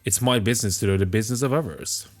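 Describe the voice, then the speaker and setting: A man's voice: fairly low pitch, fast talker, lightly acted. A man voicing a brash, swaggering male wolf who taunts and calls people fool. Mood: taunting.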